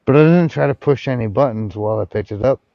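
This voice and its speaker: A man's voice: mid-range voice, fast, gravelly, no echo, highs cut off. A man hosting a casual livestream chat, rambling and sardonic, with frequent swearing.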